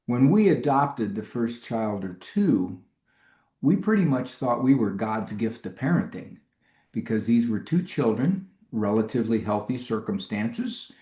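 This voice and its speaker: Guesting on an interview, a middle-aged clinical psychologist from the United States animatedly shares funny stories, voicing the characters he quotes with large pitch swings. He speaks unhurriedly in a warm tone, recorded with a roomy sound.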